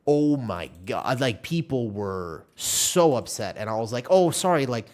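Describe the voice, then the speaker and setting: Male streamer, casual and rambling, pitch low but very expressive, talks while playing. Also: measured pace. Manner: animated rambling storytelling, many restarts. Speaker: live streamer.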